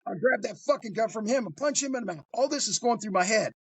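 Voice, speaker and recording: A man telling a tense true crime story in a casual podcast chat, lively and full of swearing. His voice is husky and a little rough. The sound is close and dry, with no room around it. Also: high voice, fast talker, no room sound. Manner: animated, swears freely, acts out voices. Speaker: guest storyteller.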